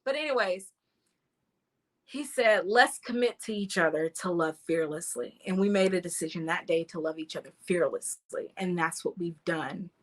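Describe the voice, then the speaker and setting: A woman in her thirties, a podcast host, telling a personal love story in a lively, emotional way, at times laughing and close to tears. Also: fairly low pitch, moderate pace, few pauses.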